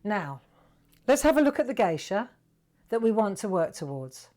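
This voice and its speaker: A woman's voice: medium pitch, big pitch swings, normal speed, a little mellow. A middle-aged woman with a British accent hosting a live drawing tutorial, chatty and coaxing her viewers along. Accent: British English. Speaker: craft presenter.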